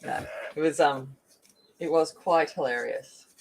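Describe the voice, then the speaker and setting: A woman's voice: low-pitched, a little slow, slight background noise. A middle-aged woman from North Queensland with an Australian accent, chatting casually while colouring, giggly and rambling with lots of fillers. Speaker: colouring channel host.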